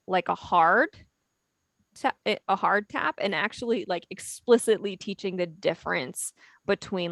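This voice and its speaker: A woman specialist giving gentle, explanatory advice on a webinar video call. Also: fairly low pitch, creaky, dry recording. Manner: gentle, explanatory, with many fillers.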